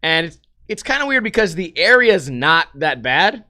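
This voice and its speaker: A man comically reading and riffing on news articles, profane and animated with laughing asides. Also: a little high, moderate pace. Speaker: comedy commentator.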